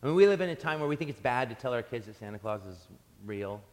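A man preaching a sermon as pastor, telling stories in an animated way and often restarting his sentences. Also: medium pitch, fast. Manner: animated storytelling with frequent restarts. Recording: long hall reverb.

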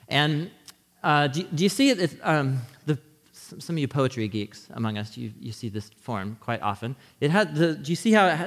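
A man's voice: medium pitch, big-room sound. A man preaching a sermon in a conversational teaching manner, often checking in with his listeners. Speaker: pastor.

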